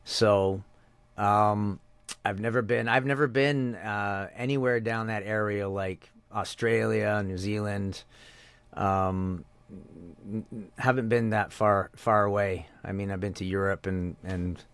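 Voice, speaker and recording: Low creaky Canadian man chatting. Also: steady tone, slow, dry recording. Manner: rambling, with many restarts. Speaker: voice actor guest. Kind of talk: casual interview chat.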